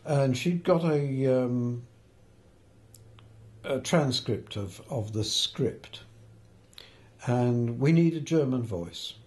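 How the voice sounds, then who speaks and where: A man's voice: mid-range voice, very slow, pauses often, a little mellow. An older man, a film editor, telling anecdotes in an interview, hesitant with fillers and restarts and the odd chuckle.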